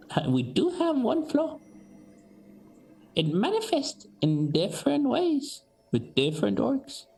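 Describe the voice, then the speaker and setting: A game master voicing a huge, serene old female orc elder with a high, sing-song voice. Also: warm tone.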